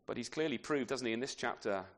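A man's voice: medium pitch, fast, fairly bright tone. A man preaching an expository sermon in a conversational way, often turning his points into tag questions and adding self-deprecating asides.

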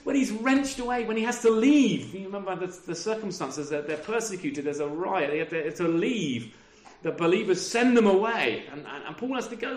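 A middle-aged man gives a sermon in a chatty, conversational way, often tucking a tag question onto the end of a point. His voice sits notably high for a man. The room around him is echoey. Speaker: pastor.

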